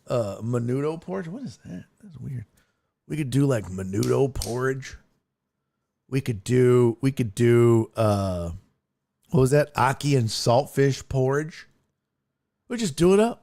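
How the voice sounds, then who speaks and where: A man's voice: medium pitch, creaky, darkish tone. A man hosting a casual livestream, reading viewer comments in a loose, profane way and laughing often. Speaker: sports talk show host.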